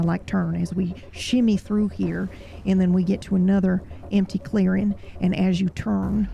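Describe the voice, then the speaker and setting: Female game master, gravelly, animated horror narration. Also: mid-range voice, slight background noise. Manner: animated, quick to exclaim.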